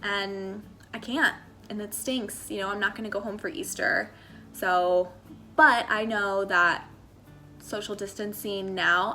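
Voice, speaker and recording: Faint music plays behind this young woman from Maryland as she chats through a casual faith-and-lifestyle vlog, earnest and encouraging, with lots of fillers. Her mid-range voice is pushed and bright, with fairly even intonation and an unhurried pace.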